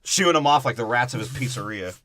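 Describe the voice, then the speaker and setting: A young man co-hosting a crude comedy podcast, riffing profanely on a movie and slipping into quick character voices. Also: mid-range voice, animated, pushed and bright. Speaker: podcast co-host.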